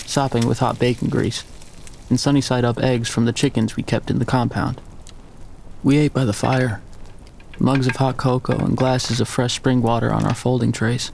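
A man giving a measured, scripted first-person story narration. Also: mid-range voice, vocal fry, a little mellow, slight background noise.

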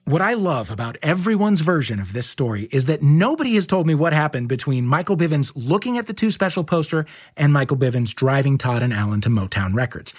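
A man hosting a podcast, reading scripted narration in a measured, wry way. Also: a little high, breathy edge. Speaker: podcast host.

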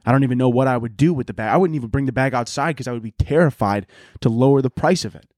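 A man's voice: medium pitch, fast talker, darkish tone, no echo. Profane, rambling man on a dry mic. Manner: profane, rambling comic rants. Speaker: podcast host. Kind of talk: casual solo podcast monologue. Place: at home.

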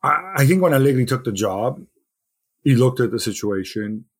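A man giving opinions as a football pundit in a casual podcast discussion, animated and thinking aloud. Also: medium pitch, normal speed, breathy edge.

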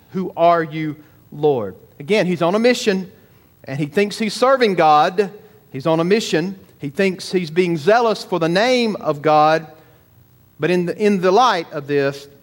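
A man preaching a sermon, emphatic, slowing down and repeating words for stress. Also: fairly high pitch. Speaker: pastor.

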